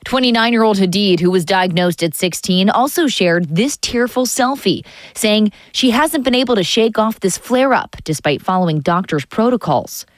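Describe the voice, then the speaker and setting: Brief: female network news anchor, measured scripted read, dry close sound. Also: medium pitch, lively intonation, no room sound.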